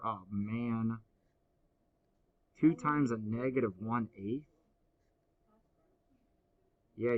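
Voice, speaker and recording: A man teaching a high school math class, explaining step by step and teasing his students. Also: lo-fi sound. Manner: playful, teasing banter with students. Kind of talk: classroom lecture.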